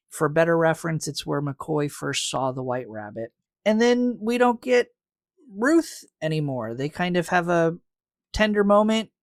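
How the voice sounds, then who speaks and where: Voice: medium pitch, no echo, clean studio sound. A podcast co-host in casual recap chat, laying out fan theories in an analytical, hedging way.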